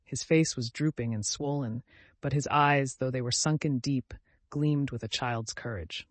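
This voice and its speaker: A male audiobook narrator with a mid-range voice, reading in a measured, even storytelling manner. The sound is dry and close to the mic. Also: mid-range voice, no room sound. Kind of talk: scripted narration.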